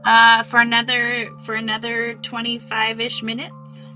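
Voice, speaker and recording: Slow-talking bright-voiced woman friend. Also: fairly high pitch, faint music behind, rough recording. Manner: laughs easily, relaxed. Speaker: co-host friend. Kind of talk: casual chat on a live stream.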